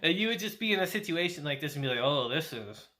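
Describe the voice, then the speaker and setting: Animated, laughing young man reviewing anime. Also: high-pitched, rapid-fire. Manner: laughs often while recapping, chatty and animated. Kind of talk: casual episode recap and review.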